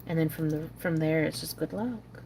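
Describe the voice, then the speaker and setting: A middle-aged woman hosting a crafting livestream, chatting casually and muttering soft asides to herself while she works. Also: deep voice, normal speed, gravelly, slight background noise.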